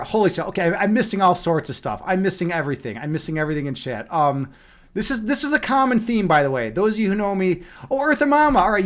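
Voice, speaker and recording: High-voiced rambling streamer man. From Chicago, USA. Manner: rambling, many fillers and restarts. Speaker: livestream host. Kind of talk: casual chat reading a live chat.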